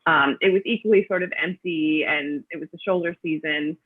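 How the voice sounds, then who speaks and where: A woman's voice: sits low, fairly quick, husky. A woman, a guest author, tells chatty, rambling stories full of ums and restarts over a video call. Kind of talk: casual storytelling answers. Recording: tinny phone-like line.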